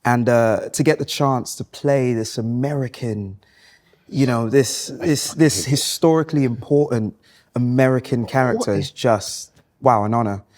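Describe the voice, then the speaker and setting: A man playing a pompous British actor with a put-on posh British accent and a plummy, drawn-out delivery. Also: medium pitch, a little mellow, natural voice. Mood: mock-grand.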